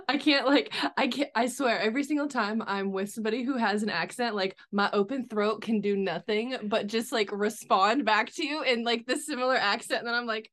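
A woman's voice: fairly high pitch, fairly quick, a bit bright. A woman guesting on a podcast, giggly and rambling, with lots of "like" fillers. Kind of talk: casual podcast chat.

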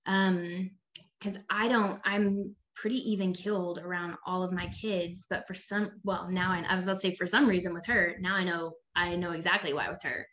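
A woman's voice: lowish voice, fairly even intonation, normal speed, fairly bright tone. A woman in her thirties, a mother of several children, talking in a casual conversation with many "like" fillers. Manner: chatty, many "like" fillers, acts out quoted voices.

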